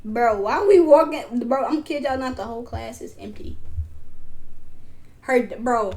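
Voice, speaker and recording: A young woman streamer telling a school story to her chat, animated, loose and full of slang. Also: on the high side, measured pace. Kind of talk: casual storytime chat with viewers.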